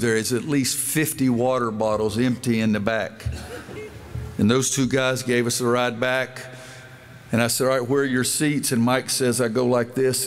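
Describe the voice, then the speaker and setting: A man in his sixties addresses a crowd in an arena through a microphone, telling a long folksy story. He acts out the back-and-forth of the conversation, and his voice sits at an ordinary middle pitch. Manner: folksy storytelling, acting out quoted dialogue. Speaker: basketball coach giving a speech. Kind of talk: speech at a dedication event.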